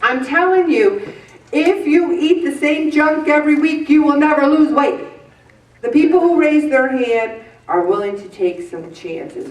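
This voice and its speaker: Fifties woman preaching to a group, earnest w jokey asides, kinda far from the mic, roomy echo. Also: medium pitch. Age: 50s. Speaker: weight-loss group leader. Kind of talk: preachy motivational talk to a group. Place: meeting room with an audience. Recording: echoey room, voice from a distance.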